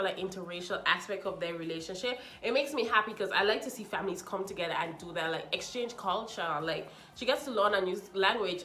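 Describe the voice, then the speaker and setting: A young woman with a medium-pitched voice chats casually while reviewing a reality show, sassy and animated. She acts out what people said, adding mocking asides, and the sound is roomy.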